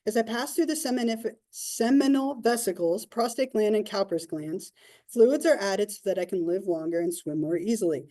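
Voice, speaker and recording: A woman's voice: medium pitch, moderate pace, mellow, close to an everyday voice. A woman voicing a sperm cell that tells its own journey, reading a first-person worksheet aloud. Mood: matter-of-fact.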